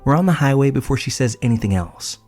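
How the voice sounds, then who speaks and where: A man reading a first-person horror story aloud in a measured storytelling manner, with casual cursing. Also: mid-range voice, expressive, a little mellow. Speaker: narrator. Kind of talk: scripted horror story narration. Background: faint music.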